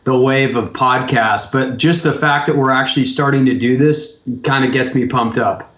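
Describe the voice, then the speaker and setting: A man co-hosting a podcast interview over an online call, chatting casually in an excitable, self-deprecating way, often restarting his sentences. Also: medium pitch, normal speed, echoey room. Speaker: podcast co-host.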